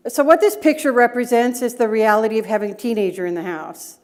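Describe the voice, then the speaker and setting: A middle-aged woman talks fast in a voice on the high side. Leading a conference breakout as a data governance director, she tells personal anecdotes and asks the audience rhetorical questions.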